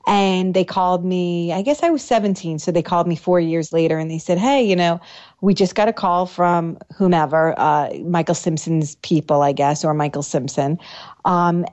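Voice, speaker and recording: Woman, New York accent, guest interview, bubbly and laughing; dull, low-fidelity sound. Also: moderate pace. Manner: animated, laughs often, acts out lines. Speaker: actress guest. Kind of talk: casual interview chat.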